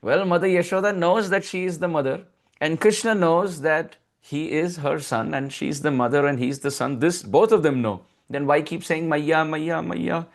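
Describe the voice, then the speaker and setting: A man's voice: a little high, moderate pace. A man giving a devotional scripture lecture, reciting Sanskrit verses and explaining them. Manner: recites Sanskrit verses and acts out a pleading child with raised voice. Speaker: spiritual teacher.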